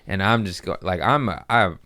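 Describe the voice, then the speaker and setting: A man hosting a comedy podcast, telling a rambling, profane story in casual chat and jumping up in pitch for the punchlines. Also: normal speed, pushed and bright, dry recording, clean studio sound.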